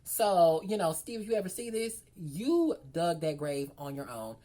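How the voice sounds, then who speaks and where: A woman's voice: on the low side, sing-song, measured pace, mellow. A woman, chatting frankly through a storytime. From Memphis, Tennessee. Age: 20s. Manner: chatty, frank, heavy fillers. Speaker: vlogger. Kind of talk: storytime chat.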